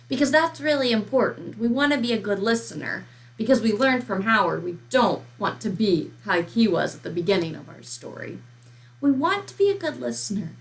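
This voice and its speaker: A woman school counselor giving a slow, emphatic lesson to young children. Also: fairly high pitch. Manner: slow, emphatic teacher talk to young kids.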